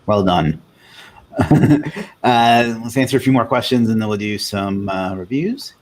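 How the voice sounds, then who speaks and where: A man's voice: on the low side, expressive, unhurried. A man hosting a casual live Q&A, reading viewer comments aloud in a loose, chatty way. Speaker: livestream host.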